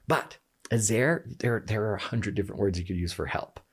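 A husky, fairly low-pitched man speaks at a normal speed as he explains a scripture passage during a lively podcast conversation. He's passionate and emphatic, frequently starting his sentences over.

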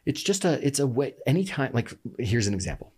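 A man's voice: mid-range voice, sing-song, a little fast, a little mellow, breathy edge. A man explaining a text in a conversation, passionate and emphatic, often restarting his sentences. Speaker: guest explaining scripture. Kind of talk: animated podcast conversation.

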